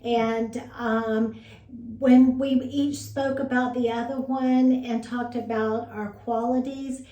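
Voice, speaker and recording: A woman's voice: fairly high pitch, level tone, slow pace, warm tone, highs cut off. An older woman co-hosting a podcast in a chatty, easygoing way, laughing easily and repeating herself. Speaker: podcast co-host. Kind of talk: casual chat. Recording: roomy sound from off-mic.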